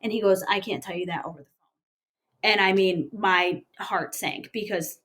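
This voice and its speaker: A woman in her thirties, an interview guest, recounting a personal story in a plain, halting way with many fillers. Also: medium pitch, fairly bright tone.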